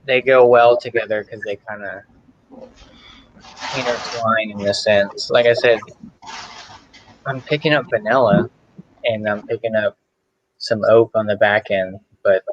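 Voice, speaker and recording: A man's voice: on the low side, fairly even intonation, measured pace, pauses often, muffled recording. A man tasting beer and describing it in a rambling, casual way as a guest on a video call.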